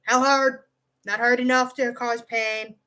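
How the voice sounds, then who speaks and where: A woman's voice: a little high, level tone, unhurried, pushed and bright. A young woman casually telling a rambling personal story, swearing freely and often restarting her sentences. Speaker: vlogger.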